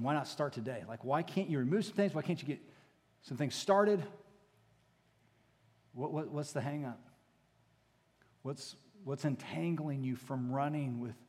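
A man preaching a sermon as pastor, moving between hushed, intimate passages and rising, emphatic exhortation. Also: mid-range voice. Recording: long hall reverb.

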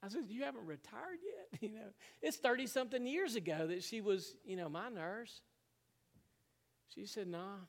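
Pastor guy, kinda high voice, telling a story in a big echoey church hall. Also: expressive, moderate pace, vocal fry. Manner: storytelling, emotional, laughs often. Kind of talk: sermon.

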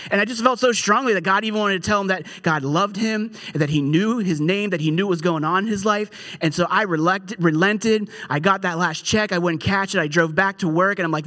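A young adult man preaching a sermon in a conversational, storytelling way, with animated asides. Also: sits high, fast talker. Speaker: pastor.

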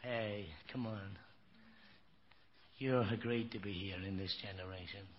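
A man's voice: lowish voice, steady tone, a little slow. Older male preacher, folksy and emphatic. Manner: emphatic, folksy storytelling with frequent "you know". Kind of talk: sermon. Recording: dull lo-fi recording with faint noise.

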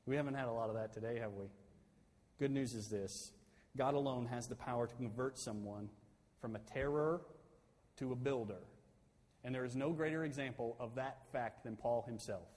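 A male pastor preaching a sermon, swinging from loud, emphatic peaks down to soft, quiet pleading. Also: mid-range voice, moderate pace. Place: church sanctuary. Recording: long hall reverb.

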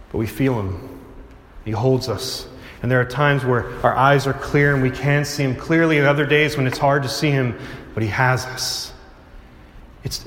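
A young man delivers an impassioned sermon in a mid-pitched voice. He climbs into urgent pleas, then drops low and soft. The sound rings with a long, roomy echo from a large hall. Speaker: preacher. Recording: echoey hall.

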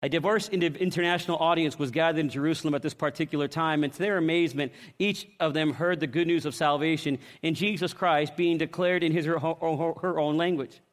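Preacher: middle-aged man, high voice, dramatic storyteller who acts out scenes and shouts. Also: steady tone, a little fast, hardly any pauses. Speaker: pastor. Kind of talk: sermon.

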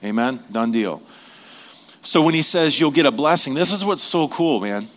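A middle-aged male pastor delivering a sermon in a loose, conversational way, cracking jokes and tossing questions out to the congregation. His voice sits at an ordinary middle pitch for a man. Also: animated, moderate pace, a bit bright. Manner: conversational, joking preaching with audience questions.

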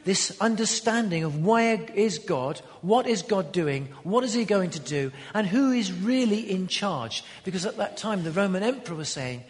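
A man preaching a sermon in an emphatic manner, building to loud declarations. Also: high voice, animated, moderate pace, few pauses. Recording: long hall reverb.

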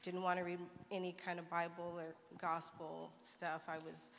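A woman's voice: fairly low pitch, level tone, moderate pace, vocal fry. A woman sharing her personal testimony at church, speaking with many fillers and light nervous laughs. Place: church sanctuary. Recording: echoey church hall with faint noise.

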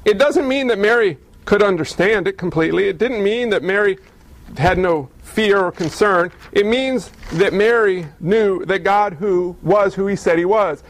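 A man's voice: high-pitched, normal speed, low-quality recording. A male pastor preaching a sermon in a conversational storytelling way, full of rhetorical questions.

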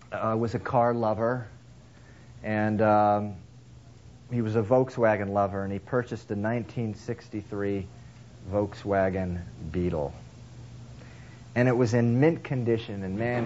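A male preacher talks his way through a sermon in a relaxed, conversational manner, full of restarts and fillers. He slips into characters' voices with big jumps in pitch. The recording sounds somewhat dull and lo-fi. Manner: acts out characters' lines with lively swings in pitch. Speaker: pastor. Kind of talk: sermon with a told story.

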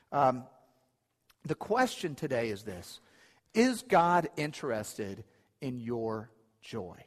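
A man preaching a sermon in an earnest, emphatic way, often repeating his key phrases. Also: mid-range voice. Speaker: pastor. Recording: long hall reverb.

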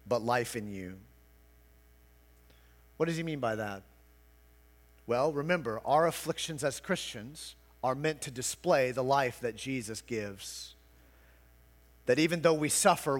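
A male pastor delivering a sermon, building to emphatic, loud passages and then dropping to quiet, intense explanation. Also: mid-range voice, long reverb tail.

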